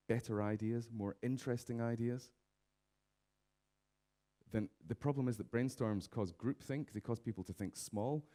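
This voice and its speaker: A man giving a comic conference keynote, lively, slipping into raised voices to mimic office characters. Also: mid-range voice. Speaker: conference speaker. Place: conference stage.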